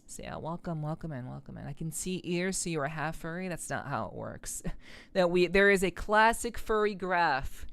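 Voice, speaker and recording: A woman streamer chatting casually while she plays a game, congested and stuffy-nosed, greeting viewers warmly with lots of fillers and doubled words. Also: fairly low pitch, lively intonation, normal speed, creaky. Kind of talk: casual live-stream chat while gaming.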